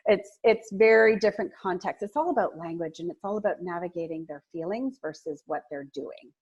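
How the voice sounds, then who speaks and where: A woman speaking as a guest on a video-call webinar, earnestly coaching listeners and acting out soft, empathetic phrases. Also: fairly low pitch, lively intonation, moderate pace, slightly rough, dull audio. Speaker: guest speaker, agency co-founder. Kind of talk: webinar talk on client communication.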